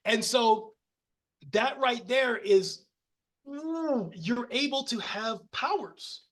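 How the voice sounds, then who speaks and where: A high-voiced American man, a podcast guest, tells rambling stories in a casual conversation, taking it slowly. He's animated, restarting often and laughing along the way.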